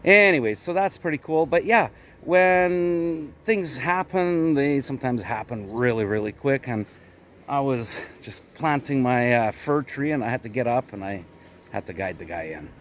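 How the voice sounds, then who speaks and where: A man's voice: mid-range voice, lively intonation, normal speed, slight background noise. A man from Canada with a Canadian accent, talking through his day in a casual, rambling vlog outdoors at his garden plot. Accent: Canadian English. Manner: chatty, rambling explanations. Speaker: vlogger.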